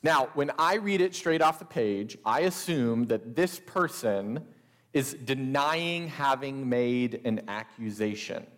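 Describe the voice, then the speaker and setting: Guy preaching slow and careful, cracks a dry joke now and then, big echoey church. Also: mid-range voice, animated, a bit bright. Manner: slow, deliberate delivery with wry asides. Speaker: pastor. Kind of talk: sermon.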